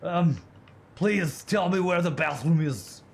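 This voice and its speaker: This is a loud, high-pitched Austrian tourist with a heavy, exaggerated accent, put on by a man. Each word is pushed out with goofy strongman bluster that imitates a famous actor's speech. It is clearly a comic put-on voice, not a real accent. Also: takes it slowly.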